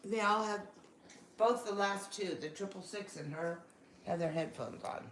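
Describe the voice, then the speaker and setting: A woman's voice: mid-range voice, moderate pace, fairly bright tone. A woman, the streamer's mother, chatting casually with dry, offhand replies. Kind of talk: casual chat. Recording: roomy, distant, noisy.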